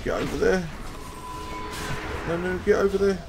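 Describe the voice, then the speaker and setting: A man commentating his first raid live, excitable and swearing, shouting warnings to his teammates. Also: high voice, normal speed, vocal fry. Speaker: gamer commentating his own play. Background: game music.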